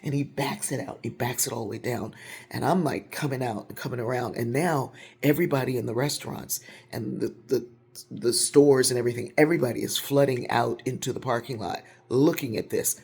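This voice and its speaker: Gravelly-voiced woman telling a lively story. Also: rumbling low. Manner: animated, gets louder and faster as the story builds. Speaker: storyteller sharing a personal story. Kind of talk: casual personal storytelling to camera.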